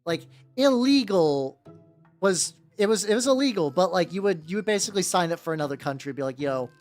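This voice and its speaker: In a mid-range, animated, brisk voice, a streamer chats with the audience during a livestream, painting miniatures, wandering off topic, and cursing freely. There's faint music in the background.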